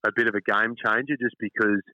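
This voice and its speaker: A middle-aged Australian man tells anecdotes in a relaxed, chatty interview, his voice low-set yet bright and forward. The sound is dry and slightly muffled, as if over a lo-fi line. He keeps calling the listener mate. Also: quick pace, no room sound. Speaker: radio host, interview guest. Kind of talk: casual storytelling interview. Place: outdoors at front of his house.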